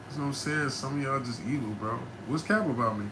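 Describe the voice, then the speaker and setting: A man chats casually with his viewers on a livestream. His talk is loose and emphatic, with a habit of repeating "you know what I'm saying." It jumps into loud, animated bursts, over a clear bed of background noise. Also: medium pitch, brisk. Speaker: host answering viewer questions.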